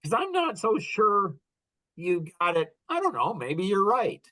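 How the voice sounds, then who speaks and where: A podcast host with a high-sitting voice vents in an unhurried, casual monologue. He rambles animatedly and acts out quoted conversations.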